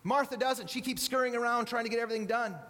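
A man's voice: very high voice, fairly even intonation, fast talker, sharp tone, in a large hall. A man preaching a sermon to a congregation that includes children. He speaks conversationally, repeats words and asks the audience questions.

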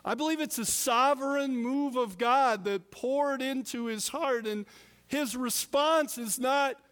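A man preaching a sermon as pastor, deliberate with emphatic pauses. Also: very high voice, a bit bright, long reverb tail.

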